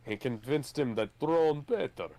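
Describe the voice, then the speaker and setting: A man's voice: mid-range voice, measured pace, dark tone. A man in casual let's-play chat, laid-back and riffing along with his co-host.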